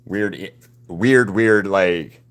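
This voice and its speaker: Low, unhurried man chatting with viewers. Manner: relaxed, rambling, greets viewers by name. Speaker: artist live-streaming a painting session. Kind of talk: casual live-stream chat with viewers.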